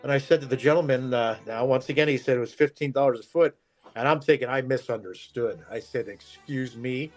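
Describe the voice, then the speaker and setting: A man's voice: mid-range voice, fast. A man, a show regular, telling a long self-deprecating story in casual chat, rambling and chuckling. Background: faint music.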